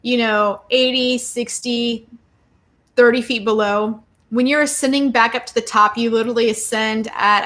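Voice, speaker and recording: A woman's voice: on the high side, a bit bright. A woman hosting a live tarot and astrology show, reading cards for each sign in a bubbly, chatty way with frequent exclamations and asides to viewers.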